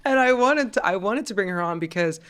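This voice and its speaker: A woman's voice: medium pitch, lively intonation, brisk, a bit bright, smooth. A woman hosting a casual interview, gushing over her guest and giggling often. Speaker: host.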